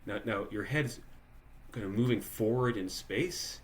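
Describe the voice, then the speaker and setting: A fairly low-voiced man, unhurried in pace, acts as workshop leader for a live online musicians' workshop over video call. His talk is relaxed and conversational, marked by many restarts and questions to those taking part.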